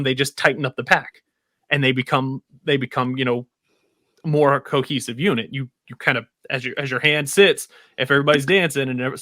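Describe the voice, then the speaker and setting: A man with a bright, forceful mid-range voice making his point in a rambling, opinionated way, circling back and restarting often. The sound is dry and close, as in a casual podcast chat. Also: medium pitch, dry recording. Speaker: podcast co-host.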